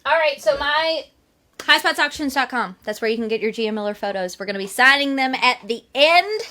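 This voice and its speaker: A woman's voice: high voice, expressive, brisk, bright, forceful tone. A young woman chatting playfully on a live sales stream, teasing and listing signed photos. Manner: playful, bantering. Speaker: guest autograph seller.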